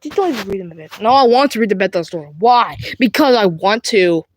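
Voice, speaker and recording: With slight background noise, a young British woman stages a playful home skit with two plush toys, voicing both as they squabble. She stumbles, restarts and rambles in a mid-range, expressive voice at a slightly quick pace.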